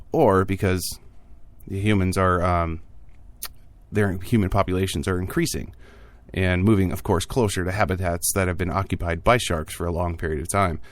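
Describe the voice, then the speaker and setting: Low-voiced man hosting a casual podcast. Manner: jokey, offhand asides with frequent fillers. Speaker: podcast host. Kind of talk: casual tech news podcast.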